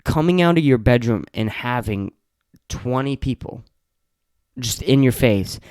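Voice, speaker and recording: A man's voice: medium pitch, animated, measured pace, darkish tone, no room sound. A teenage guy hosting his own podcast, venting with lots of swearing and repetition in a casual solo rant from a home podcast room. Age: late teens. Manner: profane, venting frustration, repeats himself. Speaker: podcast host.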